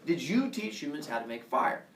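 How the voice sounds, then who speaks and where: A man's voice: a little high, big pitch swings, moderate pace, a bit bright, a little hiss or hum. A man voicing a petulant, blustering king of the gods who barks demands, recorded from a distance in an echoey classroom. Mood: bossy. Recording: echoey classroom, far from the mic.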